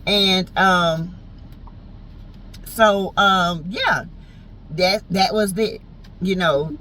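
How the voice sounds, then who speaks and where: A woman's voice: lowish voice, drawn-out words, pushed and bright, slight background noise, rough recording. A woman with a Southern US accent giving a sassy, teasing, slangy recap of a reality show in casual chat. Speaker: TV show reviewer.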